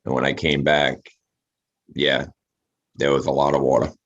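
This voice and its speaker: Man, extremely deep voice, casual, dull lo-fi audio. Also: completely flat delivery, normal speed. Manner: easygoing, swears casually. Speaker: guest. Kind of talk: casual group chat. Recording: dull lo-fi sound.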